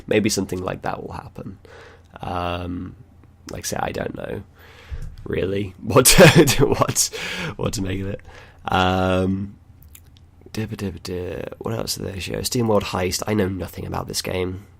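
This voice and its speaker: A man's voice: deep voice, steady tone, a little slow, vocal fry, husky. A man hosting a casual gaming discussion, rambling loosely with lots of fillers and small chuckles. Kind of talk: casual chat.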